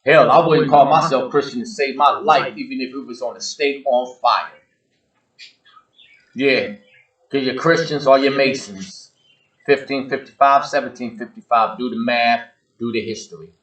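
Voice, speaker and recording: Speaking at normal speed in a medium-pitched, somewhat bright voice with fairly even intonation, a male show host rants directly at his audience. His monologue is blunt, emphatic and preachy, driven by repetition. The recording is rough.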